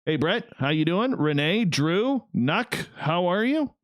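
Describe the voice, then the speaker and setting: A man's voice: big pitch swings, takes it slowly, dry recording, studio quality. A man hosting a live radio show and stream, chatting casually and greeting listeners in an upbeat way. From Canada. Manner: upbeat, chatty, jumps between high and low pitch.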